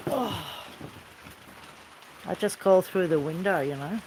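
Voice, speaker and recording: A woman's voice: lowish voice, expressive, takes it slowly, long pauses, background noise. A woman with an Australian accent chatting in a rambling, easygoing way outdoors by a fire, calling out now and then to people off camera. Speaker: vlogger. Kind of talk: casual chat. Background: rain falling.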